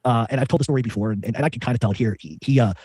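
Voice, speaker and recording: A man's voice: mid-range voice, racing, mellow, slightly rough, no room sound. A man telling a story in an interview, rambling with many restarts. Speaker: podcast guest.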